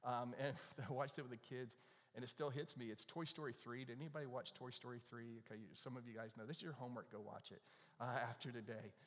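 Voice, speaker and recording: Pastor preaching in a reverberant hall. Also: male voice, medium pitch, fast. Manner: animated, asks the audience questions. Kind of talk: conversational sermon storytelling. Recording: long reverb of a large hall.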